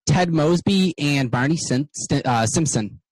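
A man runs a tabletop game as game master, his voice on the higher side. He narrates haltingly, stretching words between fillers, in a dry, close-sounding recording. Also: lively intonation, dry recording, poor audio. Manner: halting, with many fillers and restarts.

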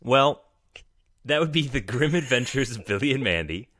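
A man's voice: medium pitch, lively intonation, normal speed, fairly bright tone, dry recording, studio quality. A man co-hosting a cartoon podcast in casual, jokey chat, laughing often. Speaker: podcast co-host.

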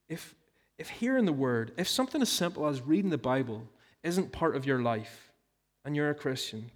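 A man, preaching a sermon in an earnest, emphatic way full of rhetorical questions. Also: medium pitch. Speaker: pastor.

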